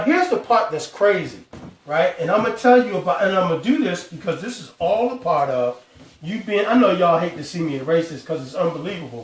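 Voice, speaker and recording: A man hosting a live financial talk, stressing each number slowly and calling out to his viewers. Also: sits high, recorded from a distance. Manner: emphatic, drawn-out numbers, calls out to viewers. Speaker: host. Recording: echoey room, speaker away from mic.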